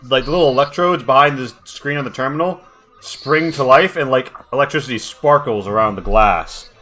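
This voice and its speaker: A man with a bright, forceful voice runs a tabletop session as game master over online voice chat. His narration is loose and rambling, full of "like" and restarts, with faint music behind him. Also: mid-range voice, brisk.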